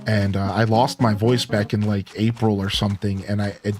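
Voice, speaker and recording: A male game streamer chatting casually with his live viewers, relaxed and rambling with lots of "like" and "you know", his voice still a bit worn. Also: on the low side, moderate pace, faint music behind.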